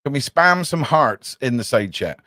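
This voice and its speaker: With a mid-range voice and a moderate pace, a man hosts a casual live stream in a dry recording. Animated and loose-tongued, he swears now and then and refers to his chat as "mate."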